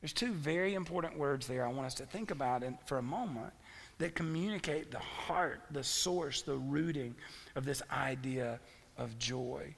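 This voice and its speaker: A man preaching a sermon as a pastor, telling the story in an animated, conversational way. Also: mid-range voice, moderate pace, creaky. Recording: long reverb of a large hall.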